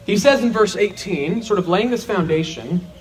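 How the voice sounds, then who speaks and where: A man's voice: high-pitched, lively intonation, moderate pace, slight background noise. A man teaching a verse-by-verse sermon, earnest and emphatic, asking rhetorical questions and answering them himself. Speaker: Bible teacher.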